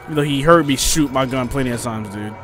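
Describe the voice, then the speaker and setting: A young man doing casual let's play commentary, joking to himself and yelping and shouting when enemies attack. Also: mid-range voice, fast talker. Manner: jokey, excitable, yelps and shouts when attacked. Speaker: gaming YouTuber.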